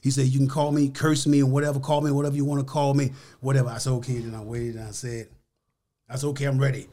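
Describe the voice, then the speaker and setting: An older man telling stories as a podcast interview guest, emphatic and animated, acting out the voices of people he quotes. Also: mid-range voice, quick pace. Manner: emphatic, repeats key words.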